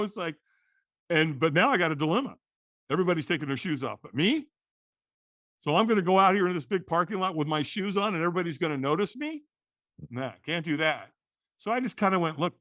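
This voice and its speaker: A middle-aged man, a podcast guest, telling a personal story in a lively way, acting out the voices in the quotes and often restarting words. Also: high voice, dry recording, studio quality.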